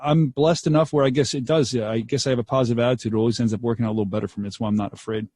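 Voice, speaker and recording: A young man, a radio DJ appearing as a guest, tells stories in an interview with a medium-pitched voice at a racing pace. He's animated, acting out quotes and laughing often, and the recording has no room sound.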